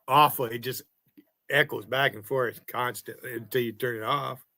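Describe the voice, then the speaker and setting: A man's voice: medium pitch, steady tone, moderate pace, gravelly, bright, forceful tone, dry recording. Brash, foul-mouthed male streamer. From United States. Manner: crude, confrontational, swearing. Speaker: livestream host. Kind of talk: casual livestream chat.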